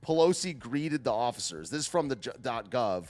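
A man's voice: medium pitch, very animated, moderate pace, a little mellow, faint music behind. A man rambling through casual live commentary with many fillers and restarts. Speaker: political commentary streamer.

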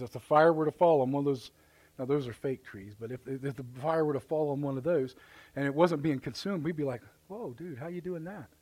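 A man's voice: on the high side, a little mellow. A man with a Midwestern American accent, preaching a live sermon as pastor in folksy storytelling, acting out voices and exclamations. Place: church sanctuary, live service.

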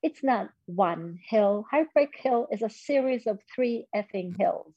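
A woman's voice: mid-range voice, lively intonation, unhurried, dark tone, husky, dry recording, lo-fi sound. A woman in her fifties telling a personal story in an interview, candid and self-deprecating. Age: 50s. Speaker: guest.

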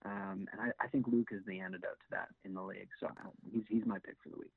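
A man's voice: lowish voice, sing-song, fast talker, creaky, breathy edge, no room sound. A man co-hosting a casual sports podcast, hesitant with many fillers and restarts. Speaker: podcast co-host. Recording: tinny phone-like sound.

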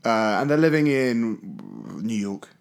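A man co-hosting a comedy podcast, excitable and quick to laugh. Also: medium pitch. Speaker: podcast co-host. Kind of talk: casual comedic banter.

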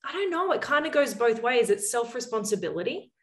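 A woman's voice: fairly high pitch, very animated, fairly quick, echoey room. A woman hosting a podcast, talking in an agreeable, reflective, chatty way. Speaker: podcast host. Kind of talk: casual interview talk. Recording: voice a bit far from the mic.

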